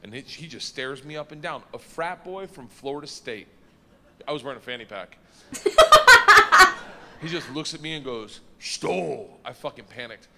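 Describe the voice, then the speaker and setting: A man's voice: medium pitch, a bit bright, slight background noise. A man doing stand-up storytelling on a comedy stage, brash and profane, laughing at his own jokes. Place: comedy stage before a live audience. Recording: reverberant live venue.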